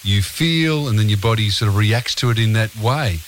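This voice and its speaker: A man's voice: lowish voice, animated, normal speed, slight background noise. Rambling Australian male radio host. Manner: rambling, hesitant, many fillers. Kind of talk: casual radio interview.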